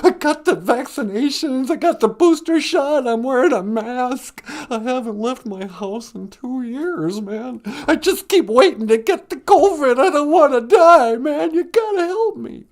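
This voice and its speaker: A man's voice: very high voice, expressive, unhurried, few pauses, voice pushed up, heavily acted. A man voicing a frightened, ancient male cowardly lion who phones in to a comedy show, talking in a frantic, whiny way. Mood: panicked. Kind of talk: comedic call-in skit.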